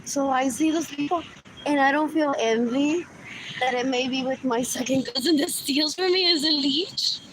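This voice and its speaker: A woman's voice: sits high, normal speed, noisy background. A woman livestreaming a rambling monologue, muttering and repeating herself as she drifts between English and Spanish. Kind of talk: rambling live stream monologue.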